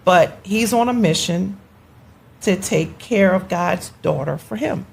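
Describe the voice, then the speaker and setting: A woman in her fifties, a guest, chatting about her husband in an animated, teasing, playful way. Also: on the low side, unhurried, creaky, slightly rough. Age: 50s. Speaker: guest, wife. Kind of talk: casual chat.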